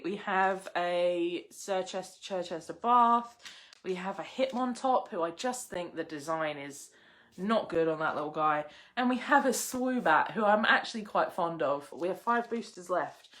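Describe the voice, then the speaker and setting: A young woman hosting a casual live unboxing, chatty and excitable, gushing over each card she pulls. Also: fairly low pitch. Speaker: livestream host opening card packs.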